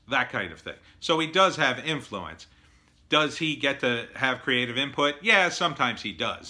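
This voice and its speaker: A middle-aged man talks through screenwriting advice in a casual, blunt monologue. His voice sits at an ordinary pitch but sounds very bright and forceful. He is opinionated, uses plenty of fillers, and acts out what other people said. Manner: blunt, opinionated, with many fillers and acted-out quotes.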